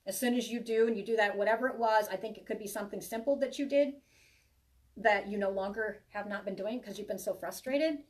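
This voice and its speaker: A woman's voice: mid-range voice, brisk, recorded from a distance. A woman giving a live tarot reading to viewers, chatty and reassuring, rambling with many restarts. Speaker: tarot reader.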